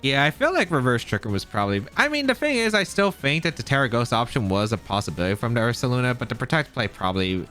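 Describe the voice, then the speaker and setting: A man's voice: medium pitch, big pitch swings, fast talker, hardly any pauses, sharp tone, faint music behind. A man giving live commentary on his own competitive match, thinking aloud and second-guessing his plays. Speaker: competitive game player.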